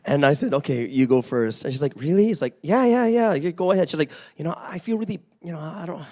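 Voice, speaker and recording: A man in his forties giving a sermon in a church, telling a personal story with lively acted-out dialogue and frequent "right?". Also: on the high side, quick pace. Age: 40s. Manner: animated storytelling, acts out dialogue, often asks "right?". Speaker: pastor.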